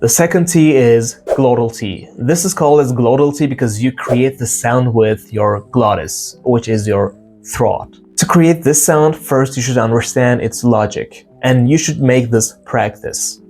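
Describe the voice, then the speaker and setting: A man giving a casual pronunciation lesson, explaining sounds and slowly repeating example words to demonstrate them. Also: medium pitch, darkish tone, soft background music. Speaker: English pronunciation teacher.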